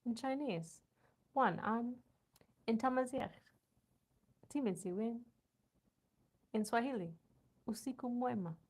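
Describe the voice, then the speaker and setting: A woman's voice: a little high, takes it slowly, pauses often, darkish tone, slightly rough. An American woman hosting a casual night-time livestream from home, chatting with viewers, trying out foreign words and laughing often. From United States. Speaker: livestream host.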